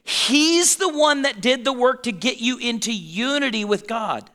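A man's voice: very high-pitched, lively intonation, unhurried, bright, forceful tone. A man in his forties preaching a conversational sermon to a congregation, often checking in with his listeners and laughing. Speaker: pastor.

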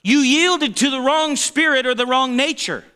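A man preaching a sermon in an animated, emphatic way, with playful asides. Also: very high voice, moderate pace, smooth.

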